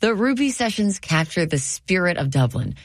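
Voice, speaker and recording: A woman reporter giving measured, scripted narration for a feature segment. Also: fairly low pitch, sing-song, no echo, clean studio sound.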